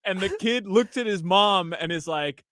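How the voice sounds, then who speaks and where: A man on a sports radio show, telling a story in an animated way and acting out the quotes, on a studio microphone. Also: high-pitched, moderate pace, no room sound. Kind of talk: casual sports radio banter.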